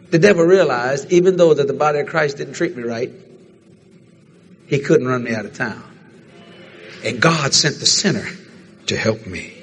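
A man preaching a sermon, telling a story in animated fashion and acting out the other people's lines. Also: medium pitch, a little hiss or hum.

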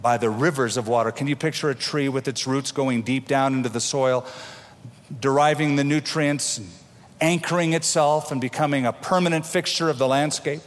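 A man's voice: mid-range voice, fairly even intonation, moderate pace. A middle-aged man preaching a sermon as pastor, talking in a conversational way with homely asides and the odd stumbling restart. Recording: long reverb of a large hall.

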